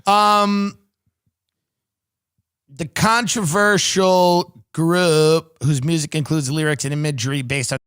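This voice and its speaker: High bright-voiced sarcastic podcast host. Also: male voice, steady tone, slow, smooth. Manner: reads news aloud with sarcastic asides. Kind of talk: casual comedic commentary.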